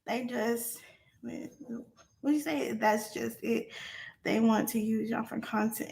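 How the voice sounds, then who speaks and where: A young woman on a livestream airs a grievance to her chat in a casual, heated rant. Her voice sits high and rings bright. She swears freely and stacks repeated words for emphasis. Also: unhurried, creaky. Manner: talks to her chat directly. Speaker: livestream host.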